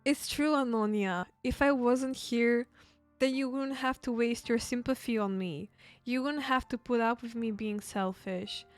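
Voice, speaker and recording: A sweet, sad teenage girl from a dating game, read aloud by a woman streamer, speaking softly and slowly in a fairly high voice. The voice sits close and dry, with faint music underneath. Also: clean tone, no echo, lightly acted.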